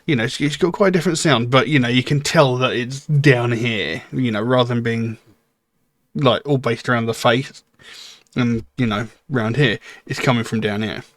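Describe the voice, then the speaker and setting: A man of middle pitch talks through his thoughts on a song he has just heard. He muses out loud, pauses often and fills the gaps as he goes. The room sound is dry and close, with no echo. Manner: musing, thinks aloud with frequent fillers. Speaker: music reaction channel host. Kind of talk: casual spoken commentary.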